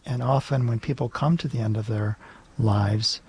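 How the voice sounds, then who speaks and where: Priest telling a gentle anecdote. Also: male voice, mid-range voice, steady tone, moderate pace, breathy edge. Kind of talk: conversational talk-show segment.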